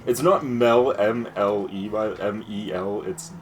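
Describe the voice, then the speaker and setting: A man chatting casually over a racing game playthrough, telling gossip in an animated way, swearing freely and laughing often. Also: fairly low pitch, measured pace, a little hiss or hum. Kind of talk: casual gaming chat.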